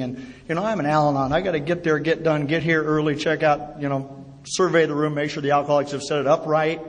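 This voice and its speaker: A man with a fairly high voice tells a personal recovery story at a meeting. He talks in a chatty, self-deprecating way and keeps slipping jokes in. The live hall adds a long, ringing reverb behind his words. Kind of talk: personal recovery talk to an audience. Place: meeting hall before an audience.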